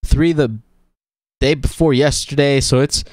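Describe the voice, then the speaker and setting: A man streaming a video game, chatting casually and excitably, joking and laughing as he plays. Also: mid-range voice, a little slow, no echo, studio quality. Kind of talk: let's play commentary.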